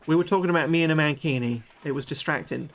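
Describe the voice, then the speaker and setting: A British man livestreaming a game, chatting excitably with his viewers and swearing freely. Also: on the high side, quick pace. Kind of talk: live gameplay commentary chatting with viewers.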